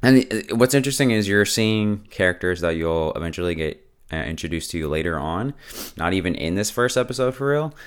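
Low, smooth-voiced laid-back man. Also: lively intonation, brisk. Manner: slangy, laid-back, chuckling often. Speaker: show host. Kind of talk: casual episode recap.

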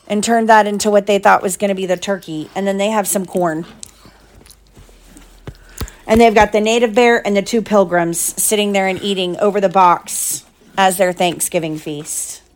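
A mother with a medium-pitched voice reads a picture book aloud to her young children. She is gentle and chatty, pausing to explain the pictures.

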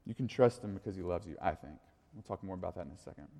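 A man's voice: sits low, racing, gravelly, mellow. Casual preacher man in an echoey hall. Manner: casual, conversational, full of "like" and restarts. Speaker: youth pastor. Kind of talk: sermon.

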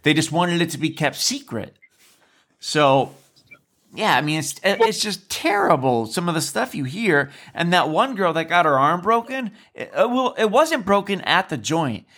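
A man's voice: fairly high pitch, sing-song, normal speed, fairly bright tone. A man telling stories on a podcast in a casual, earnest way, repeating himself and restarting sentences. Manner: earnest, repetitive, with frequent restarts. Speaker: podcast guest, former resident. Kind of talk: casual conversational storytelling.

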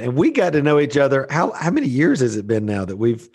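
A man's voice: mid-range voice, huge pitch swings, fast, darkish tone, slightly rough. A man hosting a faith-based podcast, talking earnestly and enthusiastically with frequent fillers. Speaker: podcast host. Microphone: remote video call.

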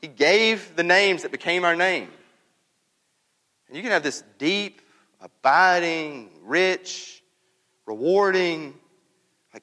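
A man's voice: on the high side, bright, forceful tone, in a large hall. A male pastor preaching a sermon in a conversational, emphatic way, often repeating words for stress. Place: church.

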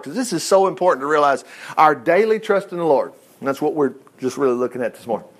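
A man preaching a sermon in a folksy, animated way, with chuckling asides and quick shifts between reading and commentary. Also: sits high. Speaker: pastor.

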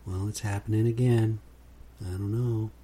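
A man with a low, dark voice that has a husky grain to it. He talks through a casual solo podcast in a loose, unhurried way, often closing his sentences with "man". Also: fairly even intonation. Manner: laid-back, says "man" a lot. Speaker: podcast host.

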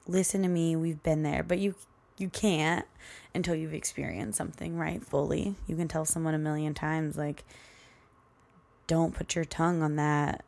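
A woman's voice: deep voice, vocal fry, darkish tone. A young woman hosting a podcast, telling a story in a chatty, rambling way and laughing often. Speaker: podcast host. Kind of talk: casual solo podcast storytelling.

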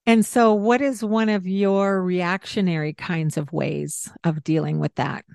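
Low-voiced woman explaining calmly. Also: a little slow, gravelly, clean tone, dry recording, studio quality. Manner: explains warmly with examples and asides. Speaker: parenting podcast host. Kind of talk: conversational teaching.

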